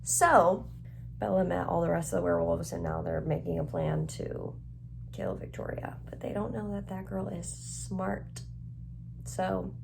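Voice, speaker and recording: A woman giving a casual reading vlog recap, chatty and excitable, with lots of "like" and "literally". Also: on the low side, creaky, noisy background. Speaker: book vlogger.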